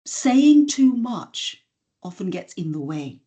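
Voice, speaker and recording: A woman, a voice and communication skills trainer, explaining communication habits in a podcast interview in a measured, instructive way. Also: mid-range voice, big pitch swings, warm tone. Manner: measured, instructive, demonstrates intonation examples.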